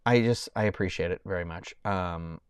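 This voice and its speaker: A man's voice: low voice, normal speed, clean tone, dry recording, studio quality. A man in his thirties chatting casually on a live stream, rambling and often breaking off mid-sentence as he thanks viewers. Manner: rambling, self-interrupting, thanking donors warmly.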